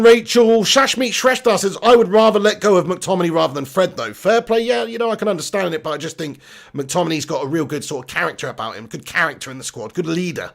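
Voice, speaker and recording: Chatty male live-stream host, gravelly. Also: high-pitched. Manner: chatty, laughs often, reads out viewer comments. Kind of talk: casual live-stream chat.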